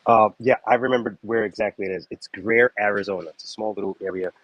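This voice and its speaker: A man's voice: lowish voice, fairly even intonation, fast, fairly bright tone, dry recording. A man rambling casually on a live chat, full of fillers and restarts. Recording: dull lo-fi sound.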